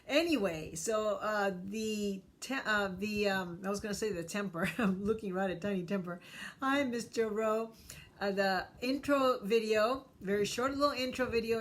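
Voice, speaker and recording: A woman's voice: on the high side, fairly bright tone. A woman therapist hosting a casual live stream, greeting viewers by name with lots of fillers.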